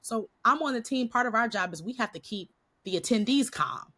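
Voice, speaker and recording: Brief: woman podcast guest, bright tense tone, slightly stuffy and nasal, lively storyteller who laughs often. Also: on the high side, fairly quick. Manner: animated, laughing often, acts out quotes. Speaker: podcast guest, Christian coach. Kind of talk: casual storytelling interview.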